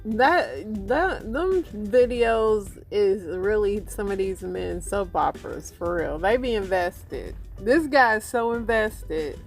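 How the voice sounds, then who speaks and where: A woman's voice: medium pitch, expressive, slow pace, hardly any pauses, faint music behind. A woman giving reaction commentary between clips in an unimpressed, matter-of-fact way.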